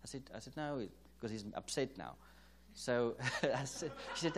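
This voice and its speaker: A South African man preaching at a church conference. He tells a story in an anecdotal, conversational way and plays out the dialogue line by line, chuckling now and then. His voice sits at an ordinary male pitch. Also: lively intonation, normal speed, noisy background.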